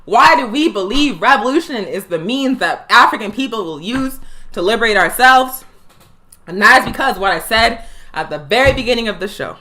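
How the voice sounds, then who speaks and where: A woman hosting a live political education show, speaking with fiery emphasis and slowing down to hammer home her points. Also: fairly high pitch, expressive, pushed and bright. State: tired. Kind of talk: impassioned political commentary. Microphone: livestream.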